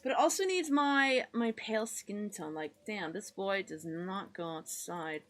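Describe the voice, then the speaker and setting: A woman's voice: mid-range voice, unhurried. A woman from the United States streaming live, chatting casually while she draws, rambling and self-deprecating, muttering to herself and greeting her chat in a friendly way.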